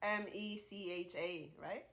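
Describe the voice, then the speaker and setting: A woman's voice: mid-range voice, unhurried, fairly bright tone. A woman with a Spanish-speaking accent co-hosting a podcast in casual, playful chat, dropping in Spanish words. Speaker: podcast co-host.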